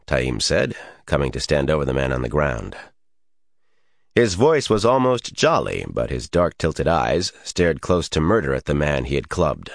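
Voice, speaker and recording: A man with a very deep voice reads a fantasy audiobook, his pitch rising and falling in a lively way. The recording is dry and close. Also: normal speed, no room sound. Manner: expressive storytelling. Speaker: narrator. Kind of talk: audiobook narration.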